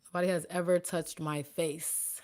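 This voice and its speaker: A young woman, a beauty vlogger and makeup artist, chats casually with her viewers while doing her makeup. Her voice is fairly low and moderately paced, and she's animated and chatty, talking to viewers and the chat.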